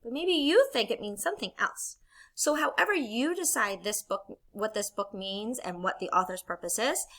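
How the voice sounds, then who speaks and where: Bright, lively woman teacher. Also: mid-range voice. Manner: encouraging, patient, explains step by step. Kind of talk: recorded classroom lesson.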